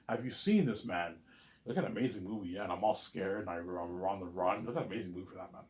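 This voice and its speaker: Man, low voice, rambling vlogger who keeps saying "you know what I'm saying" and jumps loud to act out lines. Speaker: vlogger pitching a movie idea. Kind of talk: rambling casual monologue to camera.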